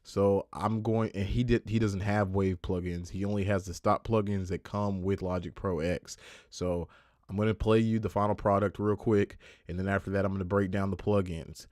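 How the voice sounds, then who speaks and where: Male mix engineer, low voice, dry close sound, loose rambling livestream delivery. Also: steady tone, normal speed, a little mellow, no echo. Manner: rambling, self-correcting, loose. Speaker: music producer and mix engineer. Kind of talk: casual livestream tutorial.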